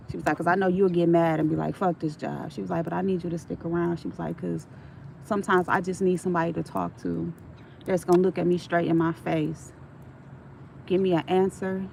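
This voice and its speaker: A woman's voice: on the low side, vocal fry. A middle-aged woman telling stories on a casual livestream, frank and streetwise, swearing freely, with faint traffic noise behind her.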